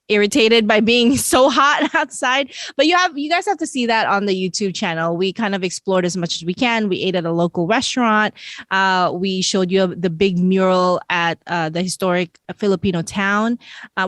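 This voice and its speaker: A woman's voice: mid-range voice, no room sound, clean studio sound. A woman hosting a podcast in casual chat, bubbly and laughing often. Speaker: podcast host.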